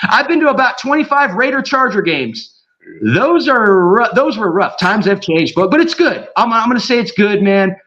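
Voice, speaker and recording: A man with a high, bright voice talks in a loose, rambling podcast chat, piling on slang and restarts. The sound is dull and lo-fi, like a muffled call-in feed. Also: a little fast. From Southern California. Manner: excited, rambling, slangy, mimics others in quoted voices. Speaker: guest. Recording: dull lo-fi audio.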